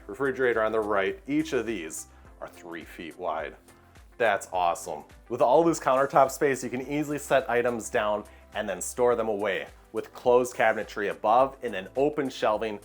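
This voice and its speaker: An upbeat man giving a walkthrough tour of a large kitchen, enthusiastically pointing out its features. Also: fairly low pitch. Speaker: home tour guide. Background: soft background music.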